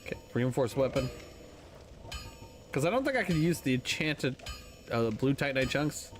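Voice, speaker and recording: A man's voice: medium pitch, very animated, moderate pace, soft background music. A man streaming a video game, thinking aloud and swearing casually as he plays. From North America. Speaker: gaming streamer. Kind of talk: casual gameplay commentary.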